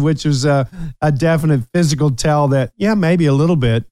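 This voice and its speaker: A man's voice: on the high side, fairly quick, darkish tone, smooth, no room sound. A man in his sixties hosting a casual talk show, upbeat and teasing. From United States. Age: 60s. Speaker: host. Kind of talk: casual chat.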